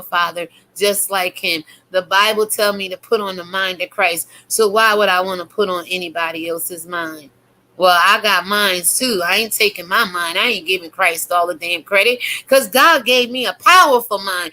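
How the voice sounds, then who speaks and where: A woman YouTuber launches into a fiery religious rant, preaching hard and cursing freely. Her voice is bright and cutting, sitting at an ordinary pitch. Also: rough recording.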